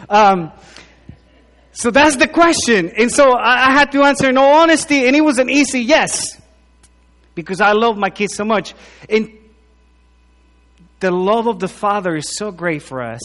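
A man, preaching a conversational sermon into a handheld mic, joking, then swinging from loud emphatic lines to quiet asides. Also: high-pitched, animated, normal speed. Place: church hall. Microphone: handheld microphone. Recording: long hall reverb.

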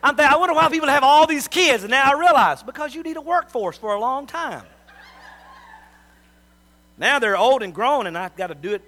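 Middle-aged male preacher, high and bright, folksy sermon storyteller who swings between hushed and loud. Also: lively intonation, a little fast, pauses often.

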